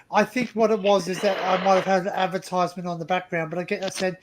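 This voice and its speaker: An Australian man hosting a live stream over a video call, chatty and quick to laugh, often repeating himself. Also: high voice, steady tone, rough recording. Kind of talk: casual live stream chat.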